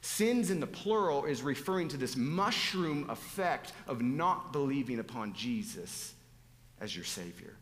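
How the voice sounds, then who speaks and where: A man preaching a sermon in a church sanctuary, his voice mid-pitched and rising to loud emphatic exclamations. He drops suddenly into hushed asides. A long hall reverb trails after every phrase. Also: lively intonation, a little slow.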